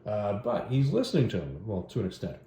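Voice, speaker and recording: Fast-talking man recapping a story. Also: lowish voice, slight background noise. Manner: rambling, joking, animated retelling. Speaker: host reviewing stories and comics. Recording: roomy echo.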